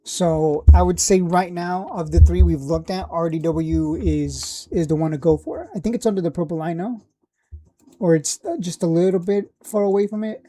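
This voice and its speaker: Low mellow lady rambling thru stock charts on a live stream, kinda hoarse, lots of uhs. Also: normal speed. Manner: rambling, thinking aloud with fillers and blunt asides. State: losing her voice. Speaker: stock livestream host. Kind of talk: casual live-stream chat.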